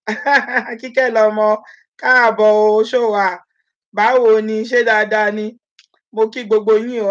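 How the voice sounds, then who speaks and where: A woman's voice: mid-range voice, dull audio. A woman from Edo State with a Nigerian accent, chatting on a live vlog, greeting viewers by name and slipping into Pidgin. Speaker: vlogger host.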